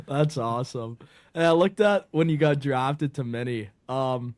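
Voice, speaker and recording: A man's voice: fairly high pitch, animated, slow pace, a little mellow, dry recording. A man co-hosting a podcast, teasing the guest and chuckling. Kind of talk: casual podcast banter.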